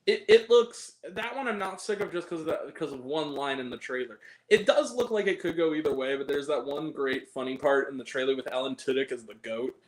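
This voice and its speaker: On his movie review podcast, a man rambles through a casual, profane chat packed with fillers and giggles. His voice sits fairly high, and he moves briskly with few pauses while the room gives off a reverberant sound.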